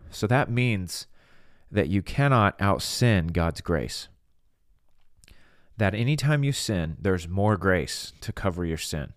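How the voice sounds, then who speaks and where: Deep-voiced earnest male preacher. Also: animated, takes it slowly, no echo, clean studio sound. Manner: earnest, emphatic, with frequent restarts and quoted inner voices. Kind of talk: podcast sermon.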